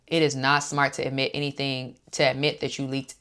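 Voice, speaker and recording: Low-voiced chatty woman recapping reality TV. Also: flat delivery, fairly quick, a bit bright, clean tone. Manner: chatty and opinionated, acts out quotes. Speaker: host.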